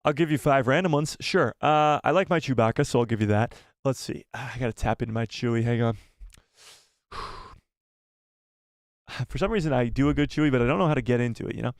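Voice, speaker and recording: A man hosting a live stream, chatting casually and excitedly with his viewers and jumping between topics. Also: medium pitch, a little fast, pauses often, no echo, clean studio sound.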